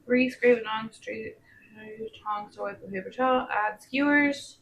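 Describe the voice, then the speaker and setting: A woman's voice: on the high side, measured pace, dull audio, a little hiss or hum. A woman chatting playfully and teasing while she cooks on a stream in her home kitchen. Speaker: cooking streamer. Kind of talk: casual cooking stream chat.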